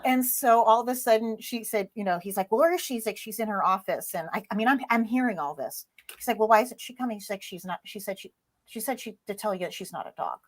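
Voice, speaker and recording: A woman as an interview guest, telling a story in a lively way and acting out the voices in it. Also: mid-range voice, fast. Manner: lively, acts out voices in her stories.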